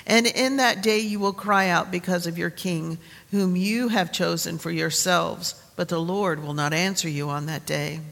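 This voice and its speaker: A woman pastor introducing and reading an Old Testament lesson in a relaxed, conversational sermon, with fillers and restarts. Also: on the low side, moderate pace, gravelly. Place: church sanctuary. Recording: long reverb of a church sanctuary.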